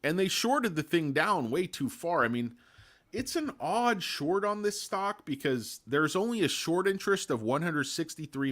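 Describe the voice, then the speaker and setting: A man with a fairly high, somewhat bright voice hosts a casual live stream on stocks. He rambles through his points, makes crude joking asides, and calls out chat viewers by name.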